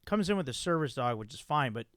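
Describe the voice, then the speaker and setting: A man hosting a podcast, telling a story in a profane, animated way with many restarts. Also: medium pitch, fast, no echo, studio quality. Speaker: podcast host. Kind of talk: casual chat.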